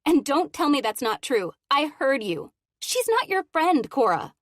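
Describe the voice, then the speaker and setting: A woman voicing an angry teenage girl with a shrill voice who snaps and accuses, read in an audiobook. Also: sing-song, unhurried, no echo, studio quality. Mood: furious. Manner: sharp, snapping, accusing.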